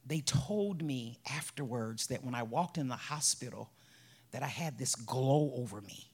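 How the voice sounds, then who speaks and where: Woman, bereaved mother, husky voice, emotional personal testimony with soft whispered stretches. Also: rumbling low, expressive, a little slow. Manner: emotional, drops to soft whispers, breaks into laughs.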